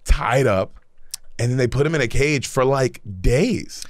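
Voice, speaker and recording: A man casually recapping a movie with a friend, animated, laughing often and acting out scenes. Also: mid-range voice, a little slow, no room sound, studio quality.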